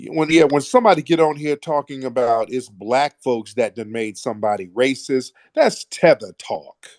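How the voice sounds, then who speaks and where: A man's voice: medium pitch, normal speed, no room sound, studio quality. A man hosting a call-in debate, combative and interrupting, pressing the caller with repeated questions. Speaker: host of an audio chat room.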